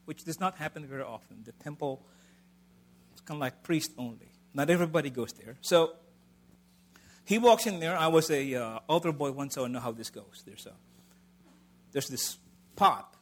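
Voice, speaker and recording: A middle-aged man preaching a sermon in a conversational way, swinging between loud emphasis and soft asides. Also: a little high, expressive, normal speed, pauses often.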